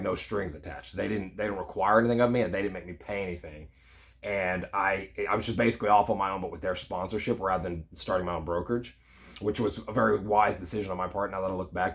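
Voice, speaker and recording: A man in his thirties tells a story from his own life in a relaxed, chatty way. He talks quickly and leans on fillers like "you know" and "like." His voice sits a little on the low side. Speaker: real estate agent. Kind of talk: casual personal storytelling.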